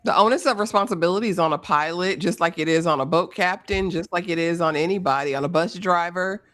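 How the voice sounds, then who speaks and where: A woman's voice: fairly low pitch, quick pace, fairly bright tone, dry recording, studio quality. A woman co-hosting a casual live recap chat, blunt and opinionated. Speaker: co-host.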